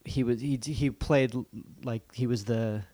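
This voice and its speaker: A man's voice: medium pitch, fairly even intonation, unhurried, mellow, dry recording. A man co-hosting a podcast in casual chat, rambling and joking with plenty of swearing. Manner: profane, rambling, jokey. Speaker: podcast co-host.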